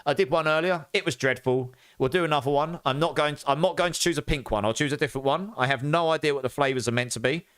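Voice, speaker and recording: A man streaming a game live, chatting with viewers in a casual, animated way and groaning through reactions. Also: a little high, quick pace, few pauses, clear, resonant tone.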